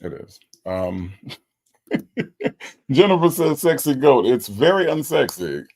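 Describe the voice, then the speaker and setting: A man's voice: medium pitch, sing-song, slow pace, gravelly, darkish tone. A man hosting a show, casually reading viewer comments and reacting with laid-back exasperation. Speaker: host reviewing a recorded call.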